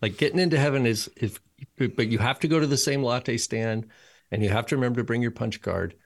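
A man's voice: medium pitch, brisk. A man co-hosting a casual faith podcast, chiming in with joking banter. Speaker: podcast co-host.

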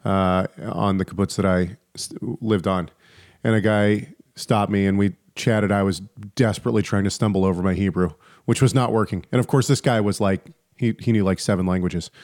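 A man's voice: lowish voice, steady tone, moderate pace, darkish tone, dry recording. Chatty male podcast host, dry mic. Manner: chatty storyteller, many fillers and restarts. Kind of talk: casual podcast chat.

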